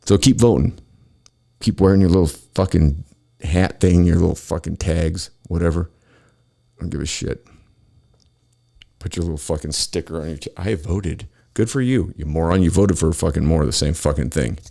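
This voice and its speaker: A man's voice: low voice, little pitch movement, normal speed, vocal fry, pauses often, dark tone. A man hosting his own show, delivering an angry, profane solo rant about politics. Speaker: podcast host.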